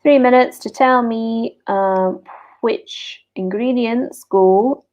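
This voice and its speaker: A woman teaching an online grammar lesson, slowly repeating each example sentence. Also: on the high side, a little mellow. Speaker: English teacher. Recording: dull lo-fi recording.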